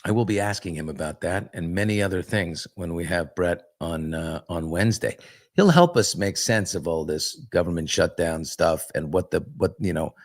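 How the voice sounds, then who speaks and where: A man's voice: deep voice, normal speed. A middle-aged man hosting a live morning chat show, talking loosely and candidly with viewers and rambling through stories with restarts. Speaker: talk show host.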